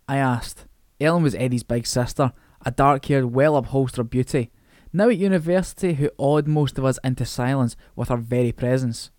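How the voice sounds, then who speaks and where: A man narrating a novel in a steady, wry manner. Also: medium pitch, normal speed, no echo, studio quality. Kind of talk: reading a novel aloud.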